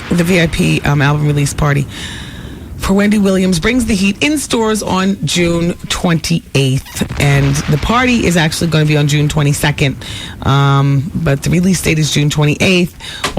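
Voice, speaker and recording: A woman's voice: low voice, background noise. Chatty gossiping woman radio host. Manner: chatty, gossipy, animated asides to listeners. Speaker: radio talk show host. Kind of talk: celebrity gossip talk radio. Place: radio studio.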